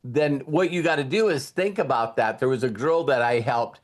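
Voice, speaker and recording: A man's voice: medium pitch, normal speed. A man giving a casual motivational talk, telling a story and retelling conversations with repeated words and restarts. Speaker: motivational speaker.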